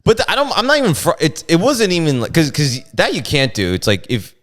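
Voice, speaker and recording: A man's voice: on the high side, fast. A man, a comedian, telling stories about heckled shows in casual chat, acting out the other voices as he goes. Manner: animated, acts out voices in his stories, profane. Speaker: comedian guest.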